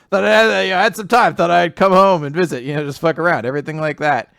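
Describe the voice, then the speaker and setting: A man hosting a casual recap show, his voice sitting a little high and leaping around as he acts out characters in goofy voices. He swears freely and keeps it loose and conversational. The sound is dry and close. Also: a little fast, no room sound. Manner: profane, animated, acting out quotes in goofy voices. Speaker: podcast co-host recapping manga.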